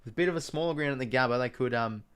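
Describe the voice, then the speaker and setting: Australian man, young, live-stream host, casual chat, mutters names to himself, mid-pitched voice, keyboard clicks behind. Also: rapid-fire, fairly bright tone, clear, resonant tone. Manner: chatty, muttering to himself while doing a quiz, greeting chat viewers. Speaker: streamer hosting a live watch-along.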